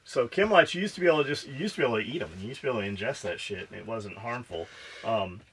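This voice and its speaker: A man co-hosting a loose podcast, his voice bright and tense. He swears freely and jokes while reading out listener comments. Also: mid-range voice, animated, rapid-fire, slightly rough. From Pennsylvania. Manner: profane, joking, reads listener comments. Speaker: podcast co-host. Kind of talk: casual chat.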